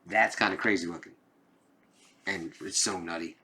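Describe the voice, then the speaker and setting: A man's voice: sits low, steady tone, normal speed, pushed and bright. A man giving a casual, rambling comic book review, swearing now and then. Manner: rambling, loose, with swearing and filler phrases.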